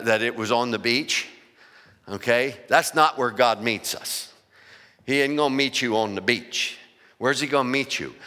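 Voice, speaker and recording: A man's voice: fairly high pitch, pushed and bright. A male pastor preaching a sermon, asking the congregation questions and building emphasis. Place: church sanctuary. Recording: long church reverb.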